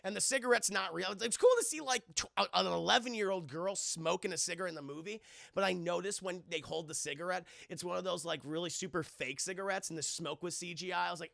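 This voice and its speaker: High gravelly-voiced man ranting to his live chat. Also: fast, no room sound, studio quality. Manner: rambling, profane, animated. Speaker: livestream film reviewer. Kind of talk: casual chat with a live audience.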